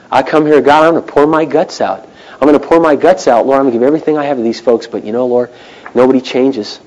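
Middle-aged male pastor, sermon delivery, animated, drops to near-whispers. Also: mid-range voice, quick pace, poor audio. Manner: animated, swings from loud to hushed.

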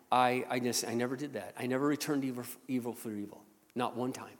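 A male pastor tells a personal story from the pulpit in an animated way, rising loud and then dropping to a hush. His voice sits at an ordinary middle pitch and trails a long reverb through a large hall. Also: quick pace. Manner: animated, swings from loud to hushed. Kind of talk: sermon storytelling.

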